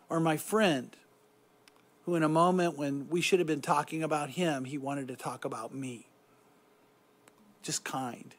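A middle-aged man giving a reflective devotional talk on meditation, soft-spoken and often trailing off quietly. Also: fairly high pitch. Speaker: Christian speaker guiding meditation.

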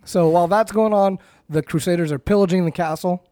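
A man's voice: high-pitched, brisk, mellow, no echo. Rambling man recapping a show. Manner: rambling storytelling, acts out quoted lines. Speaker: podcast co-host. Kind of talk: casual recap chat.

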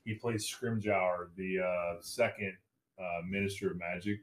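A man co-hosting a movie podcast in casual chat, halting and correcting himself as he talks. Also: low voice, fairly even intonation, roomy sound. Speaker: podcast co-host.

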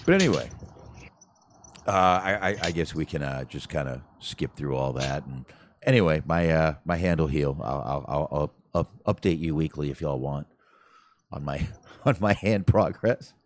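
A man's voice: very deep voice, moderate pace. A man co-hosting a podcast in casual chat, rambling and making self-deprecating, salty jokes. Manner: salty, profane humor. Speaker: podcast co-host.

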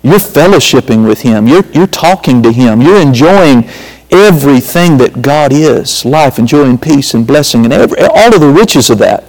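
A man's voice: medium pitch, expressive, moderate pace, darkish tone. A man preaching a sermon as a pastor, emphatic, repeating phrases and calling out to the congregation. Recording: reverberant hall.

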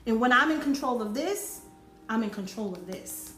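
A woman's voice: on the high side, animated, normal speed, a bit bright. A woman preaching a sermon, driving points home by repeating phrases with rising force. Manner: emphatic, repeating phrases for effect. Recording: roomy echo with faint music.

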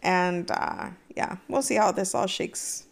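Young woman podcast co-host, frank and venting, mid-pitched, relaxed casual chat. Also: creaky. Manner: candid, venting, quick laughter.

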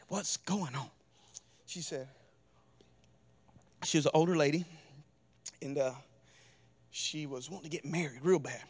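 High-voiced Southern preacher. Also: male voice, dry recording. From American South. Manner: preaching with rising fervor and shouted climaxes. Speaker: pastor. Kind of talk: sermon. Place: church.

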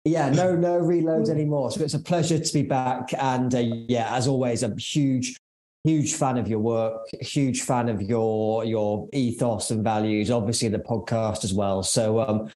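A man's voice: medium pitch, fairly even intonation, moderate pace, warm tone, reverberant, rough recording. A man in his forties with an English accent, a podcast guest chatting casually in an upbeat, joking way with lots of fillers. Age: 40s.

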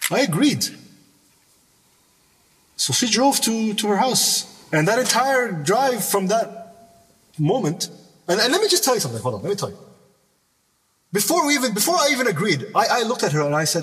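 Animated man telling a story, echoey room. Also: sits high, a little fast, pauses often. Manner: animated, emphatic, repeats words and restarts. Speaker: podcast guest. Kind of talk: personal storytelling in conversation. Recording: reverberant room, mic at a distance.

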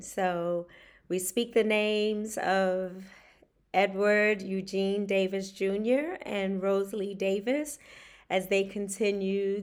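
Slow-talking woman livestream host. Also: mid-range voice. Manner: warm, emotional, drawls words out. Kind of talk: casual livestream talk.

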